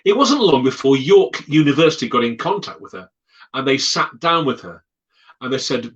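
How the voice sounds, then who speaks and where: Animated storyteller, bright voice. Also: male voice, medium pitch, normal speed, muffled recording. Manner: dramatic, animated, acts out voices. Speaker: storyteller guest. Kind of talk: spoken ghost storytelling.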